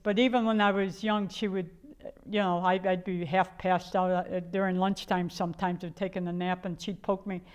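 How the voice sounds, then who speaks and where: A woman's voice: fairly low pitch, little pitch movement, moderate pace, hardly any pauses, clean tone. An older woman from the Chicago area telling her own life story in a candid, rambling way, full of fillers and restarts. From Chicago area, USA. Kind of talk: personal storytelling.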